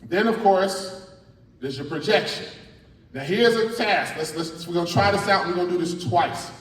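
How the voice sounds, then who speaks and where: A middle-aged man, a spoken word artist giving a lively, playful workshop talk to students in a large school hall. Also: sits high, moderate pace. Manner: animated and playful, coaching the crowd. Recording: echoey hall from far off.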